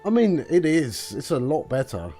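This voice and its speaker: A man's voice: on the high side, sing-song, normal speed, dark tone, husky, soft background music. A man commenting on a game, chatty and muttering to himself. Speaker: gaming video host. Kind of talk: let's play commentary.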